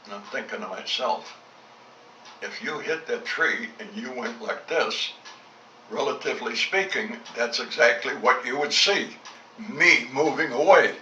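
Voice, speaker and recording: Animated yet unhurried, a medium-pitched man with a sharp tone tells his wartime stories as a former fighter pilot, saltily and bluntly, performing both voices in remembered exchanges. A roomy, dull home tape recorded from a distance carries a little hiss or hum.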